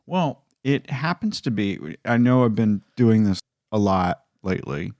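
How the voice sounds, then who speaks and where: Chatty low-voiced male podcast co-host. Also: lively intonation, a little slow, a little mellow, no room sound, clean studio sound. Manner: chatty, teasing, leads the talk. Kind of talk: casual comedy chat.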